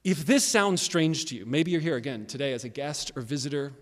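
A male pastor preaching a sermon, swinging from quiet, low remarks to loud, emphatic bursts of praise. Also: lively intonation, brisk, long reverb tail.

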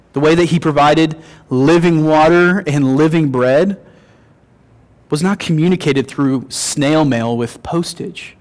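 An earnest male preacher with a Northern Illinois accent delivers a sermon, his voice sitting a little high for a man. He moves from scripture reading into storytelling, with touches of gentle humor. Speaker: guest pastor.

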